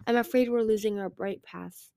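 A woman's voice: medium pitch, steady tone, moderate pace, creaky, mellow, dry recording, studio quality, natural voice. A woman voicing an anxious young female dragon seer, speaking urgently and with worry.

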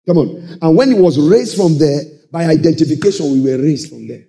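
Animated preacher with sung shouts. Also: male voice, fairly high pitch, fairly quick, gravelly. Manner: animated call-and-response preaching, sudden shouts and sung phrases. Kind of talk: sermon.

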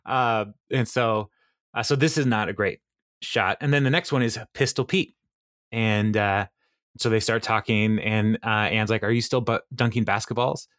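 A lowish, fairly bright male voice with fairly even intonation, speaking a little slowly, comes through a studio-quality recording without echo. As a podcast co-host, he goes over a TV episode in relaxed conversation, quoting scenes, laughing frequently and filling gaps with fillers.

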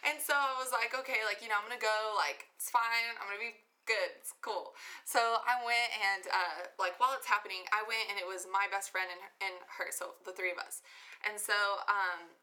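Young woman chatting with friends, bright voice, lots of "like" and "y'all", animated storytelling. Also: mid-range voice, brisk. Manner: chatty, filler-heavy, animated retelling. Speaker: storyteller in group chat. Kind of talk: casual chat.

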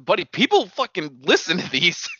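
A man's voice: high voice, wildly swooping pitch, moderate pace, pushed and bright, breathy edge. A man co-hosting a podcast in casual, crude banter. He rambles eagerly and laughs easily. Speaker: podcast co-host. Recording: dull lo-fi dry sound.

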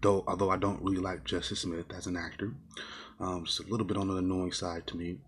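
Brief: male vlogger, lowish husky voice, ranting, loose and rambly, swears a lot. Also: little pitch movement, fast, a bit bright. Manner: ranting, exasperated, swears often; rambling with many fillers and restarts. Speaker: movie reviewer. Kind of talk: casual rant-style movie review.

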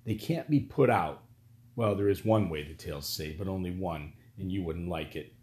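Cunning court magician, older male, quietly theatrical and calm, as voiced by a male narrator. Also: low voice, moderate pace, close to an everyday voice. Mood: measured.

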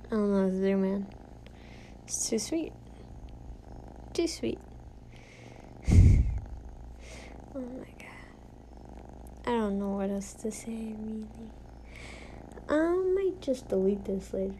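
Slow-talking young woman rambling late at night. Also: mid-range voice, animated, mellow, slight background noise, low-quality recording. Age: young adult. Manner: rambling, drifts into whispers. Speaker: vlogger. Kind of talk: casual late-night chat. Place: college room at night.

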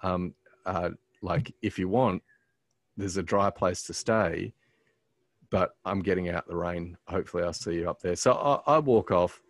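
A man casually telling a personal story on a podcast, halting with many ums and restarts, earnest as he reflects on his faith. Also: low-pitched, no room sound.

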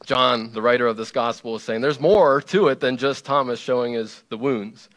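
A man's voice: mid-range voice, fairly even intonation, moderate pace, a bit bright. A man preaching a sermon in a conversational, playful way, driving points home with emphatic repetition. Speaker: pastor.

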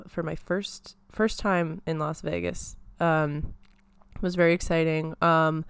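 A woman's voice: sits low, clean tone, dry recording, studio quality. A young woman hosting a solo podcast from her apartment, chatting casually and rambling with lots of fillers. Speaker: podcast host.

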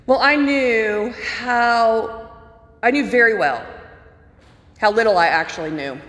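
A woman pastor giving a sermon, telling personal stories in an earnest way and slowing down to stress key phrases. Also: on the high side, fairly bright tone. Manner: earnest, personal storytelling with emphatic slowed phrases. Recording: echoey hall with long reverb.

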